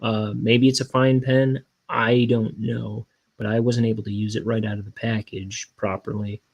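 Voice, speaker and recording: A young man, a cartoonist, rambling in a meandering, self-deprecating way with deadpan jokes while he works. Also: on the low side, moderate pace, slightly rough, dull audio. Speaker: cartoonist inking his graphic novel. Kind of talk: casual rambling studio vlog.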